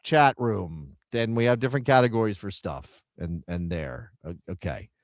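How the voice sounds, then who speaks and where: A man's voice: on the low side, expressive, moderate pace, no echo, studio quality. Rambling, chatty male live-stream host. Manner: rambling, chatty, thinks aloud while reading chat names. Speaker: soccer show co-host. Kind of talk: casual live-stream chat.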